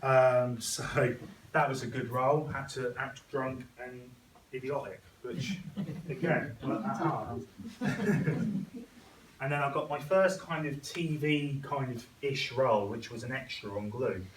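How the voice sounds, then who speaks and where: A man's voice: medium pitch, unhurried, slight background noise. A young man gives a chatty, self-deprecating speech to an audience, acting out what other people said. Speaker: guest speaker. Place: school hall. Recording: echoey hall, picked up from a distance.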